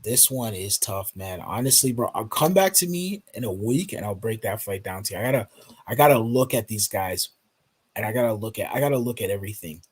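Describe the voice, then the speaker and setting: A man's voice: lowish voice, lively intonation, fairly quick, breathy edge. A man on a casual podcast panel, talking in a laid-back way and saying "bro" and "man" a lot.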